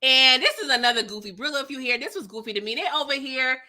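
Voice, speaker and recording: A woman hosting a live TV episode recap, talking in an animated, slangy, chatty way. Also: high-pitched, fast talker. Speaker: TV recap host.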